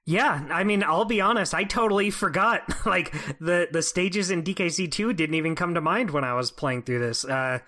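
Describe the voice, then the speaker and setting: A man chatting as a guest on a podcast, casual and quick to laugh and joke. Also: sits high, pushed and bright. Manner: laughs easily, joking.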